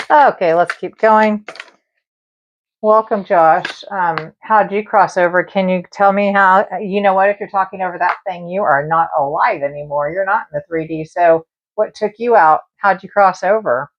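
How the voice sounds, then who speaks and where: A woman's voice: lowish voice, moderate pace, muffled recording. Chatty woman hosting a live stream. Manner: chatty, talks straight to viewers and spirits. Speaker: live-stream tarot and spirit box host. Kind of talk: casual live-stream chat.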